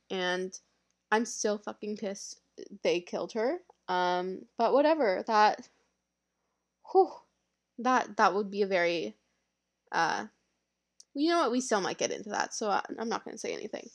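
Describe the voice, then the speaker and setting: Young woman fangirling on her podcast, rambly, lots of likes and false starts. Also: medium pitch. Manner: gushing, rambling, full of likes and restarts. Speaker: podcast host. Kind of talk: casual movie review chat.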